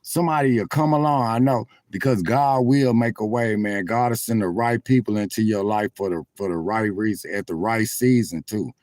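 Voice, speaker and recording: A man's voice: on the low side, normal speed, hardly any pauses, a little mellow, no echo. A man livestreaming from his car on his phone, chatting straight to viewers with preacher-like swells. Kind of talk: casual livestream chat. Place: in a parked car at a truck stop.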